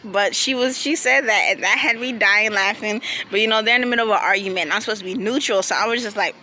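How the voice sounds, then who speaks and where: Young woman chatting a storytime outside, bright voice, faint traffic hum behind. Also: mid-range voice, quick pace. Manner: chatty, animated, acts out friends' lines. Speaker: vlogger. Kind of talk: casual storytime. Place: outdoors. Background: passing vehicles.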